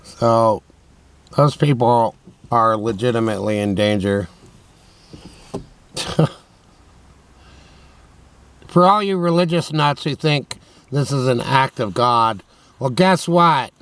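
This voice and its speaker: Man, unhurried, clean clear tone, joking late-night van monologue, camera on a tripod. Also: medium pitch, lively intonation, fairly bright tone, dry recording. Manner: rambling, joking, talks to himself. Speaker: vlogger hosting a mock radio show. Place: inside a parked van at night.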